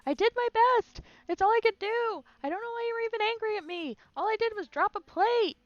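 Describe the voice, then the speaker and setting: A woman voicing a put-upon peasant man who shouts back desperately. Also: very high voice, brisk, dry recording, highs cut off, voice pushed up.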